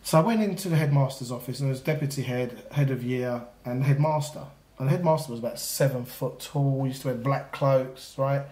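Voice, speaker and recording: A man talks at a quick clip as he spins a story from his school days. He acts out the people in his quotes with lively voices, in an echoey room. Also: medium pitch. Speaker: podcast co-host. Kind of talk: casual storytelling conversation.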